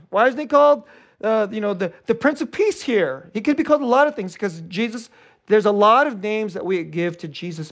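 A preacher working through a sermon with lively swings in pitch and volume. The delivery repeats words and restarts phrases, with small chuckles between points. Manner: animated, swinging from loud high emphasis to hushed low delivery.

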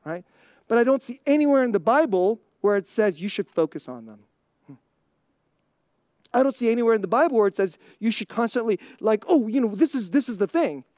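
A pastor delivering a sermon in a chatty, emphatic manner, breaking into laughter now and then. Questions are tossed straight at the congregation. The voice sits at a middle pitch and is recorded dry and close, with no room echo. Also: big pitch swings, a little fast, a little mellow. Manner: conversational, emphatic, laughs often; asks the audience rhetorical questions.

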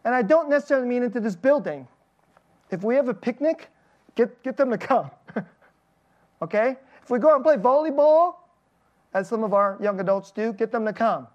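Lively, chuckling pastor preaching a casual sermon. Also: medium pitch, a little fast, long pauses, dull audio. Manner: animated, chuckles between points, asks the audience direct questions. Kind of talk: conversational sermon. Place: church service with slides.

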